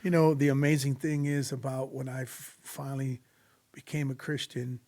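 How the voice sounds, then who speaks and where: A man's voice: medium pitch, flat delivery, normal speed, darkish tone. Earnest man telling a testimony. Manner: earnest, preacherly, acts out quoted voices. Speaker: podcast guest sharing testimony. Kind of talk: storytelling testimony in casual conversation.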